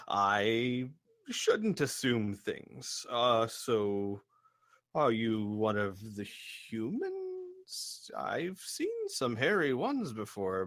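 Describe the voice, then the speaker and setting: A man voicing a jolly blue giant with a booming but pleasant, polite voice. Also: vocal fry, fairly bright tone, heavily acted. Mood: apologetic.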